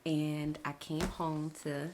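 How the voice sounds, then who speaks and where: A woman's voice: low-pitched, little pitch movement, slow, background noise. A woman, chatting casually and emotionally in a vlog from her home office, recorded by a camera on a tripod. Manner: chatty and emotional, with laughs and restarts. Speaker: vlogger.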